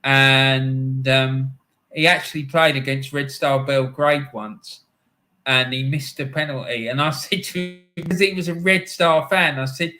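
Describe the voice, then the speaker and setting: A man's voice: mid-range voice, steady tone, measured pace, bright, forceful tone. A middle-aged man hosting a live football stream, chatting casually, rambling through anecdotes and laughing often.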